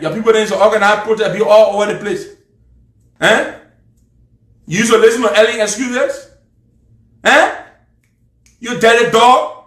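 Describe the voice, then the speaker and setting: A man's voice: high voice, a bit bright, echoey room. A man with a Liberian accent, ranting and mocking in angry live political commentary.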